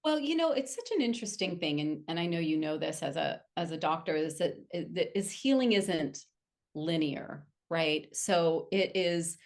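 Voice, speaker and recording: A woman author talking candidly as an interview guest, telling personal stories in an animated way. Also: fairly low pitch, normal speed. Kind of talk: casual interview chat.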